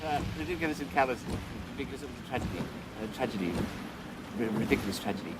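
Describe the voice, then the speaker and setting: An actor playing an eccentric, childlike young man who rambles nonstop, repeating his words in a rapid stream of chatter. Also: mid-range voice, animated, heavy background noise, lightly acted. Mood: manic rambling.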